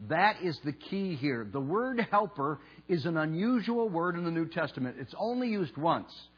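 Male pastor, husky voice, deliberate emphatic sermon delivery, dull lo-fi church recording with hum. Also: mid-range voice, lively intonation. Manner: slow, emphatic, leads the congregation in call and response. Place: church sanctuary. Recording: dull lo-fi sound with mains hum.

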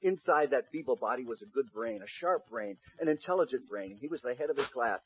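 A man's voice: mid-range voice, expressive, fairly quick, highs cut off, slight background noise. A man preaching a sermon in an emphatic way, putting rhetorical questions to the congregation in the room.

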